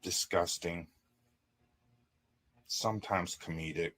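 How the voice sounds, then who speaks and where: A man's voice: deep voice, fairly even intonation, slow, a bit bright. A man hosting a show, talking in a sarcastic, emphatic monologue. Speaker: host. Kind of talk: monologue commentary.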